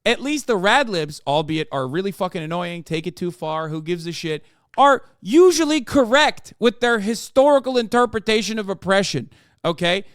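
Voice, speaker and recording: A man's voice: sits high, expressive, moderate pace, smooth, no room sound, clean studio sound. A man streaming a reaction, commenting in an exasperated, profane rant. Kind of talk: casual livestream reaction commentary.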